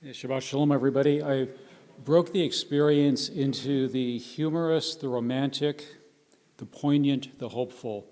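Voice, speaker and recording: In a hall with audible reverb, a man from the United States shares warm mission anecdotes with a congregation, acting out what people said. His voice is mid-range and his pace normal.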